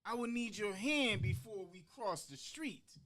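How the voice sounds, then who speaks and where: A man performing a heartfelt spoken-word monologue about growing up, with rhythmic pauses that land hard on key words and quoted voices acted out along the way. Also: high-pitched, lively intonation, pushed and bright. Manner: acts out quoted voices within the story. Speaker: podcast guest performing a monologue.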